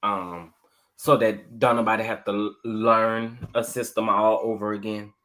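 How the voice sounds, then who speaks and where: A man's voice: fairly low pitch, unhurried. A man hosting a casual livestream, talking animatedly and repeating himself as he addresses his viewers. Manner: animated, repetitive, talks straight to the chat. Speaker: livestream show host.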